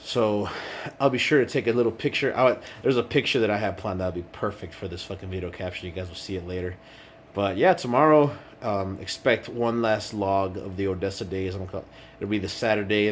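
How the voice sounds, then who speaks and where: A low-pitched man rambles through a casual video diary, swearing freely as he talks. A faint hiss sits under his voice. He is indoors at night, away from home for work. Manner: rambling and profane. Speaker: vlogger. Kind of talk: casual vlog chat.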